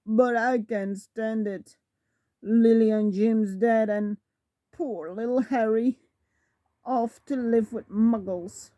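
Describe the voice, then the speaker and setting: A woman voicing a huge soft-hearted male half-giant, slow and halting as he sobs, in a storybook reading. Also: on the high side, steady tone, no echo, highs cut off. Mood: tearful.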